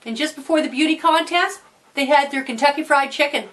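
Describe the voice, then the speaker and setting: A woman telling a children's story in an animated, chatty way, speaking straight to the kids. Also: high-pitched, brisk, low-quality recording.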